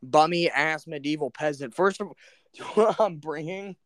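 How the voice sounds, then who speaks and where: Joking young man, slightly high voice. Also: unhurried, fairly bright tone, no room sound. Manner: joking, profane, laughs along. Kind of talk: casual chat.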